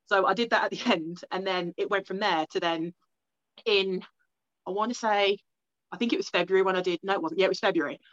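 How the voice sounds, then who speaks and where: As an interview guest, a young Englishwoman tells a long personal story, rambling quickly with plenty of "like" and acted-out self-talk. Her voice is medium-pitched. The audio is dull, with no room sound.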